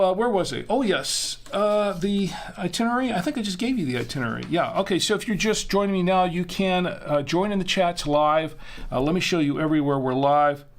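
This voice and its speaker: A man hosting a casual live stream, talking to viewers in a loose, meandering way. He restarts sentences often and fills gaps with ums and uhs. His voice sits a little higher than most men's. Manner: rambling, chatty, self-correcting with many fillers. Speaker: host. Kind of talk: casual livestream chat.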